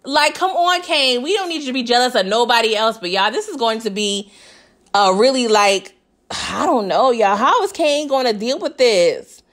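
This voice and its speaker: A woman with a fairly high voice runs through a TV episode in a loose, chatty recap. She laughs often and slips into quick voices for the characters. She keeps checking in with her listeners. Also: expressive, a bit bright. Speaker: TV recap vlogger. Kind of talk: casual show recap.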